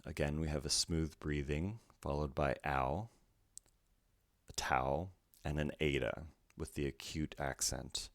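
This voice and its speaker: Male tutor, extremely low voice, unhurried and methodical, dry close recording. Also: fairly even intonation, no echo. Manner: careful, methodical, spells out each letter. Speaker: Greek language teacher. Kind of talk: slow letter-by-letter pronunciation lesson.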